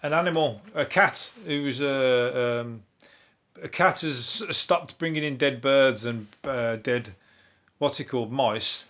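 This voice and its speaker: A Brummie comedian hosts a solo podcast, riffing on news stories in a dry, deadpan way. He rambles, swears freely and loses his thread. His voice sounds a little hoarse and worn. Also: medium pitch, measured pace. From Birmingham, England. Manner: deadpan, rambling, sweary, laughs at own jokes. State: voice going hoarse.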